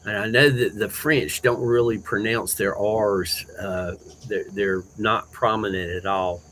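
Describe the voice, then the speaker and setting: A man with a rough voice hosting a livestream, chatting casually with viewers in a relaxed, rambling way with lots of fillers. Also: on the low side, measured pace, a little hiss or hum, low-quality recording. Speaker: livestream host. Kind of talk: casual chat with live viewers.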